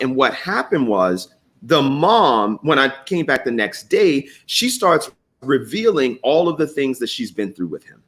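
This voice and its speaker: A middle-aged man hosts a live morning talk show with a mid-range voice. He tells stories in an animated, unfiltered way, swears now and then, and reads viewer comments aloud between his points. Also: medium pitch, a little slow.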